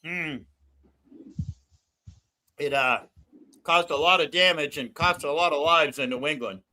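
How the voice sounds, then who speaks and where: A man's voice: on the high side, a little slow, sharp tone. An older man hosting a casual stream chat over a video call, rambling through stories and laughing at his own jokes. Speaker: stream host.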